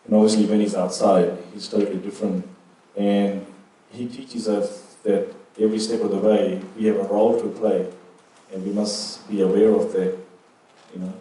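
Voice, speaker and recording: A man's voice: lowish voice, level tone, moderate pace, mellow. Cheeky middle-aged man telling stories. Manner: cheeky, chuckling anecdotes. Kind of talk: casual storytelling. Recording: echoey room, distant mic.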